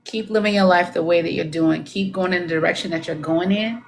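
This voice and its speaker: A woman working as a psychic medium on a live stream, pausing and searching for words as she relays messages, then jumping up in pitch when quoting. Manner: halting, searching for words, coaxing; relays messages with swoops up into quoted speech. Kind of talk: live-stream spirit reading.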